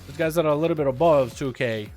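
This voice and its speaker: A young man livestreaming a video game in a casual chat, reading and answering his chat, with sudden loud excited outbursts. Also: fairly high pitch, fast, soft background music. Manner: chatty, reads and answers chat, bursts into loud excited outcries.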